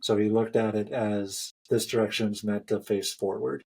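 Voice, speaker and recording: A man's voice: on the low side, flat delivery, moderate pace, gravelly, a little mellow, husky. A man hosting a running podcast, telling a story in a chatty way and laughing often. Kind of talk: casual chat.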